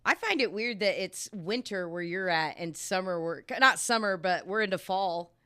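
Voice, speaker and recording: A woman hosting a casual chat, chatty and animated, often laughing as she tells stories. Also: lowish voice, moderate pace, smooth. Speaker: podcast host.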